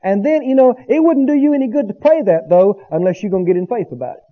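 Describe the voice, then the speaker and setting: A man's voice: high voice, lively intonation, fast, phone-quality sound. A man preaching a sermon as pastor, building to emphatic bursts and asking the congregation for agreement. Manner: preaching with rising emphatic bursts and call-and-response asides.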